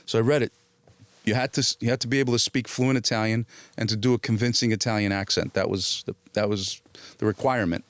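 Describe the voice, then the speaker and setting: A man's voice: fairly low pitch, fairly even intonation, fast, no echo. A middle-aged man, an actor, telling stories in a casual interview. He acts out quoted dialogue as he goes, restarts often and swears casually.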